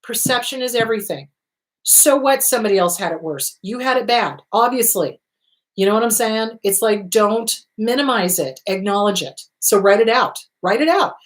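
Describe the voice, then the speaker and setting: A woman counselor hosting a show, giving blunt, emphatic advice in a lively, direct way. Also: fairly high pitch, normal speed.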